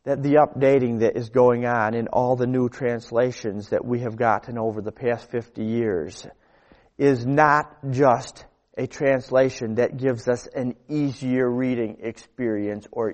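A man preaching a sermon, emphatic, repeating phrases and letting his sentences fall to quiet, low endings. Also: steady tone, measured pace.

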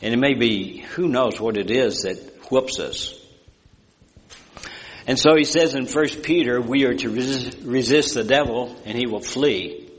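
A man's voice: mid-range voice, a little slow. A man preaching a sermon in a folksy, rambling way, telling a story with many asides. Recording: long hall reverb.

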